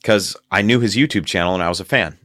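A man's voice: sits low, quick pace, fairly bright tone, dry recording, studio quality. A man hosting a casual podcast, telling a long story in a rambling way and laughing often. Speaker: podcast host.

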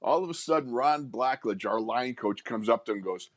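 An older man co-hosting sports radio, spinning a long anecdote with bursts of laughter and an animated, storytelling delivery. His voice is mid-pitched and captured dry and close on a studio mic. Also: brisk, dry recording. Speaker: radio co-host, former player.

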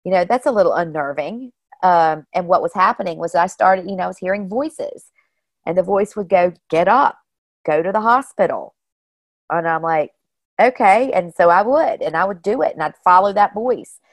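A woman guest telling personal stories in a casual, animated way, often saying "you know" and "like". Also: fairly low pitch, brisk, dry recording. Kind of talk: casual storytelling.

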